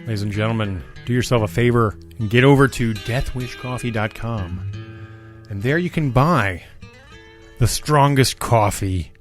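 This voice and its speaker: A man co-hosting, reading a sponsor ad with an upbeat pitchman delivery. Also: moderate pace, faint music behind. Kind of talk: casual podcast ad read.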